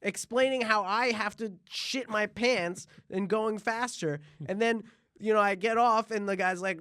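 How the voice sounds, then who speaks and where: A man with a high, bright-sitting voice tells a comic anecdote, swinging into other people's voices as he goes. The sound is dry and close on the mic. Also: measured pace, no echo. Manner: animated, acts out voices in anecdotes. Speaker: podcast host. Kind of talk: comedic storytelling.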